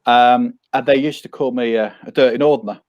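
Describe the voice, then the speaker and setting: A man from Coventry, a crime author, telling a lively anecdote in casual conversation and jumping his pitch up when quoting himself. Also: brisk, dry recording, lo-fi sound. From Coventry, England. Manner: animated storyteller, jumps high when quoting himself.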